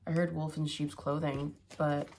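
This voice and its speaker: A woman's voice: low-pitched, level tone, normal speed, darkish tone, slight background noise. A woman giving a casual tarot reading, musing aloud with hums and fillers as she turns each card. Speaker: tarot reader.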